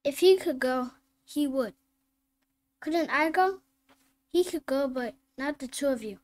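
A woman reading phonics drills and simple sentences aloud, slow and deliberate, word by word. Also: high-pitched, animated. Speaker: phonics teacher.

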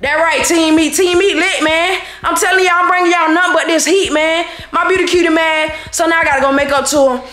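A woman vlogger, out of breath, excitedly hyping her viewers in slangy talk. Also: sits high, echoey room. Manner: hyped, slangy, shouting to viewers. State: out of breath, sweating. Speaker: vlogger pulling a prank. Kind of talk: excited vlog outro.

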